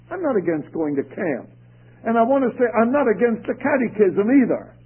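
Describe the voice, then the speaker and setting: Male preacher, husky tone, earnest sermon delivery, lo-fi phone-band radio sound. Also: high voice. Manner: earnest preaching with emphatic rises and drops. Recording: tinny phone-like radio broadcast.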